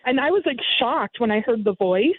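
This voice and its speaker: A woman's voice: fairly quick, a little hiss or hum. A woman telling the story of a scam in casual chat, animating it by mimicking others in a raised voice. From United States. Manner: lively, mimics others with sudden high pitch jumps. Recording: tinny phone line, dry.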